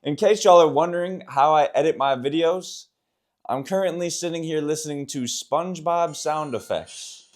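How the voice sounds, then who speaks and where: A young fitness vlogger films himself talking casually to camera, his voice on the high side with a darkish tone. He jokes at his own expense and laughs often.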